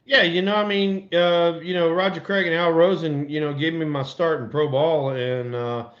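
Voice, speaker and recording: An older former ballplayer telling stories in casual podcast chat, animated and acting out quotes in a raised voice. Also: male voice, on the high side, normal speed. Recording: dull lo-fi audio.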